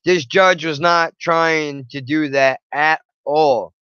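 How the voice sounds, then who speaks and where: Young male host, fairly high-pitched and forceful, blunt and profane storyteller, dull lo-fi sound. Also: steady tone, slow, clear, resonant tone, no echo. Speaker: channel host. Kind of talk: blunt personal storytelling monologue.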